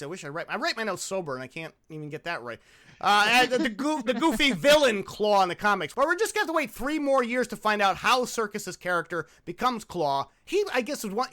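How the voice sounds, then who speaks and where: A man's voice: sits high, sharp tone. A man hosting a casual comedy movie podcast, reading his notes and cracking crude jokes. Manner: joking, crude, reads from notes. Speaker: podcast host.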